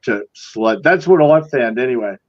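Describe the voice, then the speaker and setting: A man's voice: medium pitch, expressive, normal speed, no room sound, highs cut off. A man with an Australian accent chatting bluntly and rambling, with plenty of swearing. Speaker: podcast co-host. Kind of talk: casual chat.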